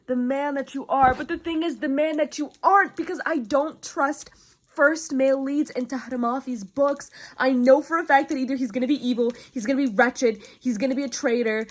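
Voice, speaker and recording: A woman's voice: sits high, fairly even intonation, brisk. Gushing young woman book vlogger. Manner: gushing, exclamatory, swinging between shrieks and hushed murmurs. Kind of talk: excited reading vlog.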